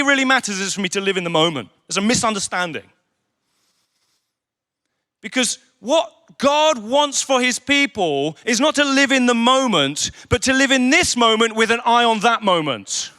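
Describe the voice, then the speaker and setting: A man preaching a sermon at a leaders' conference, telling stories with humour and acting out the voices of the people he quotes. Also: sits high. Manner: animated storytelling with humour. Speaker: conference speaker. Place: conference venue.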